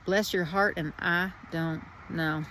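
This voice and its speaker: A woman's voice: fairly low pitch, steady tone, takes it slowly, background noise. A woman putting on a Southern accent to play a sweet, folksy Southern woman who drawls affectionately. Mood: fond. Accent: American Southern, put on.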